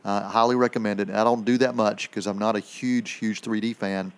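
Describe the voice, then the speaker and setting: A man's voice: fairly low pitch, fairly even intonation, fairly quick, clear, resonant tone. A man co-hosting a radio film segment, reviewing movies in casual chat, rambling with many fillers and restarts.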